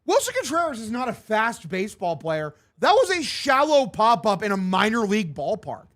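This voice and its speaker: A man's voice: high voice, huge pitch swings, moderate pace, a bit bright. A man streaming casual play-by-play commentary, profane and exasperated. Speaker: livestream host.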